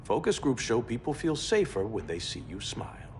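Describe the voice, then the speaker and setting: An actor playing a calm, sensible male business advisor who gives measured, persuasive advice in a game cutscene. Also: medium pitch, a little hiss or hum. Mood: earnest.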